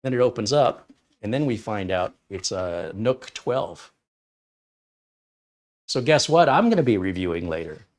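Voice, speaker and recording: A man's voice: on the low side, expressive, measured pace, pauses often. A man hosting a tech live stream, chatting casually and telling an anecdote with frequent laughs. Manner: chatty, storytelling, laughs often. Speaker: tech channel host.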